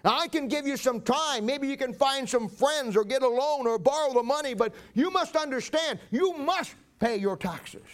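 Pastor voicing a firm, stammering tax collector, high voice. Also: male voice, lively intonation, normal speed, hardly any pauses. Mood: apologetic. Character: apologetic but firm male tax collector.

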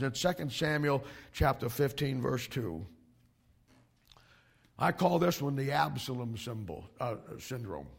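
A male pastor preaching to young ministry students, emphatic and animated, with frequent restarts. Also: medium pitch, vocal fry, breathy edge.

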